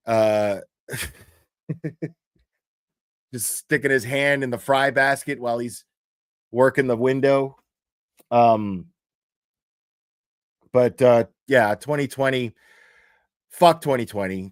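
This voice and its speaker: Slow, profane ranting male streamer. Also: mid-range voice, no room sound, studio quality. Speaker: streamer host. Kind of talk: casual livestream commentary.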